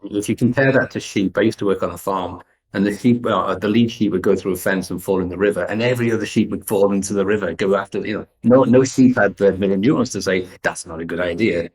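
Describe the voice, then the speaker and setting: A man's voice: fairly low pitch, fast, few pauses, poor audio. An English man in his fifties, a guest entrepreneur telling stories in an interview with frequent restarts. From England. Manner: animated storyteller, restarts sentences often. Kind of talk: conversational interview storytelling.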